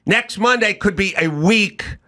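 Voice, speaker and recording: A man's voice: high-pitched, measured pace, bright, forceful tone. A middle-aged man hosting a talk show, telling a comedic story and acting out both sides of the conversation. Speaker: podcast host.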